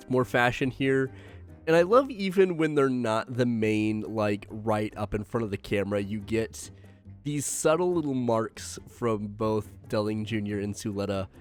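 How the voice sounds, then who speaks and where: A man hosting a casual anime episode recap, joking loosely with lots of fillers. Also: mid-range voice. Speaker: host.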